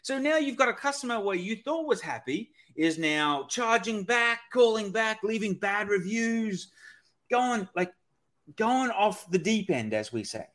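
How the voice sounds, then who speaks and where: Energetic man explaining, slightly high voice. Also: a little slow. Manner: energetic explainer, often asks "right?". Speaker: guest expert on sales calls. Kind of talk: podcast conversation.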